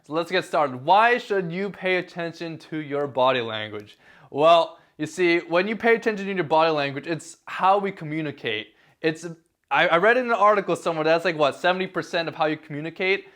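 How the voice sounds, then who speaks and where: A man's voice: a little high, animated, fairly quick, fairly bright tone. Laid-back young man talking to camera. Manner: laid-back, filler-heavy, repeats words. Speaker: vlogger. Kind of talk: casual talk to camera.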